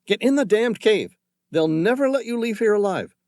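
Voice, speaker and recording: A man's voice: high-pitched, expressive, moderate pace, a little mellow, breathy edge, dry recording, clean studio sound, voice pushed up. A man voicing an urgent male guide who gives clipped orders, in an audiobook thriller. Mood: fierce.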